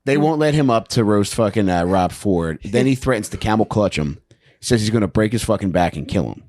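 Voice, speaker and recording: A man's voice: on the low side, expressive, brisk, darkish tone. A man casually telling a story on a podcast, laid-back, swearing and saying "dude" a lot.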